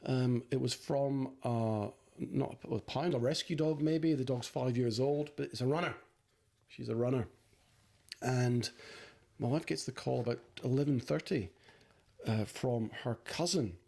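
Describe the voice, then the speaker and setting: A man's voice: medium pitch, unhurried, vocal fry, mellow. A man with a Scottish accent co-hosting a podcast, telling rambling stories in a casual, chatty way with plenty of fillers. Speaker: podcast co-host. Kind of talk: casual chat.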